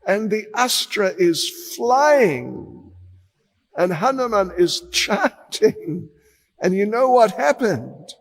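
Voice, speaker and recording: A male monk telling a devotional story slowly and dramatically, acting out each character. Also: high voice, animated, in a large hall. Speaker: monk and preacher.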